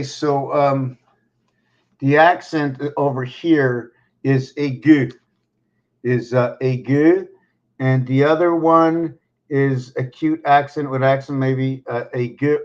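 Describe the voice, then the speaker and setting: A man vlogging from home, talking in a meandering monologue full of pauses and restarts. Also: mid-range voice. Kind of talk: rambling monologue to camera. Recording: dull lo-fi recording.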